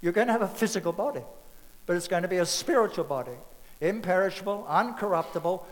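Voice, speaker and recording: A man's voice: high-pitched, quick pace, long reverb tail, poor audio. A man preaching a sermon in a loose, conversational way, acting out bits of scripture dialogue.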